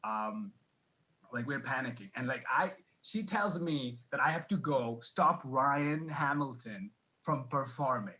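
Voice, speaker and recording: Bright-voiced man telling a rambling stand-up story. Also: medium pitch, lively intonation, a little slow, rough recording. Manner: rambling, self-deprecating, many restarts. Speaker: stand-up comic. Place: comedy club stage.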